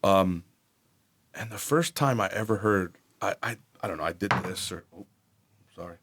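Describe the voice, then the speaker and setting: A man's voice: deep voice, normal speed, a bit bright, slightly rough. A man in his forties from New Jersey, a podcast guest telling his life story candidly, blunt and profane. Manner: blunt, profane, acts out quoted voices.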